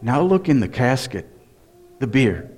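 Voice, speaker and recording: Slow, earnest male preacher. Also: mid-range voice, very animated, darkish tone, husky. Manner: earnest, emphatic, with repeated questions to the congregation. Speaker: pastor. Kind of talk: sermon.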